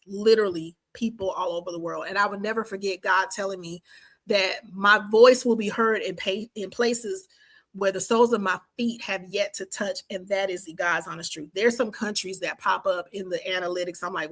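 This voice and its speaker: A woman's voice: mid-range voice, fairly bright tone. A woman in her fifties from the American East Coast, hosting a podcast, chatting animatedly, repeating phrases for emphasis and closing with a fervent prayer. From Washington, D.C. and the Carolinas, USA. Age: 50s. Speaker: podcast host. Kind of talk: casual podcast outro and prayer.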